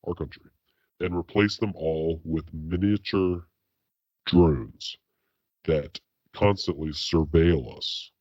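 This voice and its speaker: Deep-voiced deadpan man, lo-fi podcast. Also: no room sound. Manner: deadpan, halting delivery of absurd claims. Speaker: podcast co-host. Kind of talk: casual chat.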